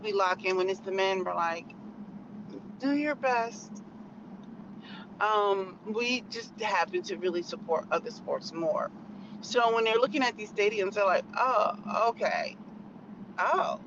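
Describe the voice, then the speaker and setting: A woman's voice: medium pitch, normal speed, dull audio, noisy background. An American woman vlogging in casual, opinionated chat, rambling with lots of "like" fillers. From United States.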